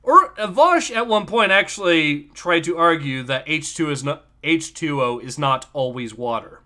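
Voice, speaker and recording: A man's voice: fairly high pitch, normal speed. A man hosting a livestream, chatting animatedly and reading viewer comments aloud. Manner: animated, laughing, reads chat comments aloud. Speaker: livestream host. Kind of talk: casual commentary chat.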